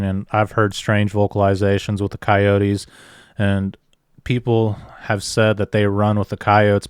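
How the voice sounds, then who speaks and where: A man hosting an interview podcast, telling his own field stories in a steady, even way. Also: lowish voice, smooth, no echo, studio quality. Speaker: podcast host. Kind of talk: casual interview chat.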